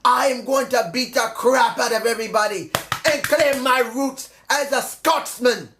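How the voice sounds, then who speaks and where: A man's voice: very high-pitched, measured pace, noisy background, pitched above the performer's own voice. A man putting on a brash boasting wrestler promo. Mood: boastful. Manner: loud, declaiming, menacing boasts. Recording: echoey room.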